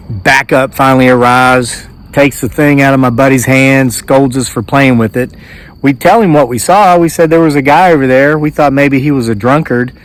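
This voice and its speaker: A man in his forties with an Appalachian American accent, telling a story in a casual, animated way. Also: medium pitch. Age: 40s. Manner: animated, acts out voices in quotes. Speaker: homesteading vlogger.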